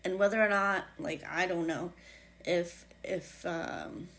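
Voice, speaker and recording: A woman with a New England accent hosting her own podcast, reflecting in a casual, halting way with many fillers and restarts. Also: on the low side, fairly bright tone, slight background noise. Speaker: podcast host.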